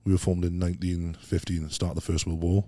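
A man's voice: low-pitched, little pitch movement, fast talker, dark tone, dry recording, studio quality. A Welsh man telling stories as a podcast guest, rambling and laughing easily, full of British slang. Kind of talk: casual chat.

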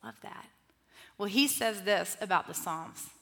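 Middle-aged woman teaching a group, animated and conversational, mid-range voice. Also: mid-range voice, unhurried, gravelly. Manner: lively, conversational, with asides and restarts. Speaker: Bible study teacher.

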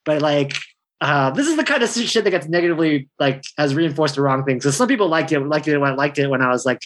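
A stand-up comedian in his thirties tells stories in a rambling, laid-back way, swearing freely and laughing often. His voice is on the high side, lively in intonation, and he talks fast in this casual chat.

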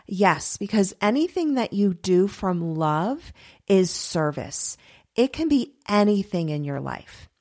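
A middle-aged woman with a slightly low voice gives an earnest, chatty spiritual teaching. She laughs easily and slips into quick asides that voice her own thoughts.

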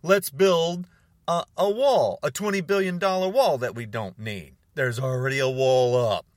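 A man's voice: mid-range voice, unhurried, dry recording, clean studio sound. A man ranting to camera in a heated, exasperated and sarcastic monologue. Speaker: political commentator.

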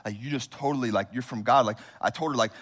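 A pastor in his thirties telling a funny personal story during a sermon, animated and humorous. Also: medium pitch, quick pace, breathy edge.

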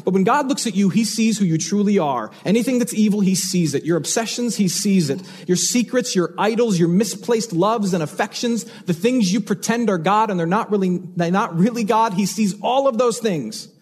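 Earnest husky-voiced male pastor preaching. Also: high-pitched, normal speed, hardly any pauses, a little mellow. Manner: earnest, emphatic preaching with repeated phrases. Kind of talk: sermon.

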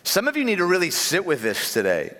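A pastor preaches with a lively, swinging delivery in a slightly high voice, sinking low and quiet to land his key phrases. His words ring out with a long reverb from a large church hall. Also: fairly quick. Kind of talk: sermon.

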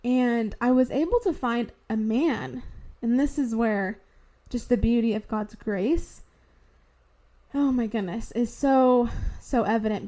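A woman's voice: a little high, warm tone. A young woman telling her personal faith testimony in an earnest, heartfelt way, at times fighting back tears. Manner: earnest, heartfelt, slow and deliberate. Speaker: podcast host sharing testimony.

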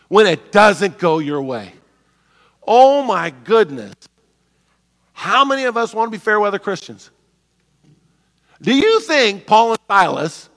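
Pastor, male, bright lively sermon voice, jokey storyteller, reverberant church. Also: high-pitched. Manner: animated, joking, acts out voices of people in his stories. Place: church sanctuary.

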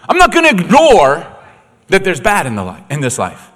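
A man's voice: a little high, brisk, in a large hall. A man preaching a sermon, telling stories and acting out quotes with jokes along the way. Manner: animated storytelling, acts out quotes, joking. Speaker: pastor.

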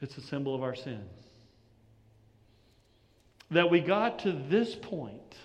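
A man's voice: on the high side, very animated, slow. Preaching man in a reverberant sanctuary. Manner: preaching with rising intensity, rhetorical questions. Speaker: pastor. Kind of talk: sermon.

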